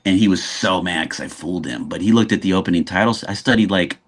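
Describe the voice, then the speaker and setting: Animated storytelling man from Los Angeles. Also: low voice, quick pace. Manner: animated storyteller, frequent restarts. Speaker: guest actor. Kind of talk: casual interview chat.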